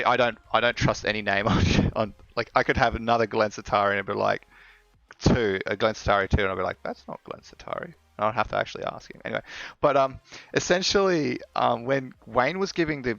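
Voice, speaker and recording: A man's voice: lowish voice, gravelly, fairly bright tone, no room sound, lo-fi sound. A man chatting casually while live coding, rambling with fillers and laughing often. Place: home office.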